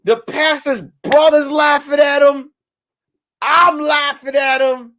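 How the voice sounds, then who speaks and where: A man hosting a live stream, telling stories in a loud, animated and profane way that breaks into shouts on punchlines. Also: very high-pitched, slow pace. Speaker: host. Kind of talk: casual live-stream storytelling.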